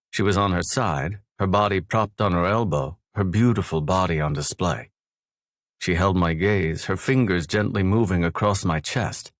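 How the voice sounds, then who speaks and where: A man with a very deep voice reads a first-person romance audiobook in a measured, low-key way. The sound is dry and close, with no room around it. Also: dry recording. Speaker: audiobook narrator.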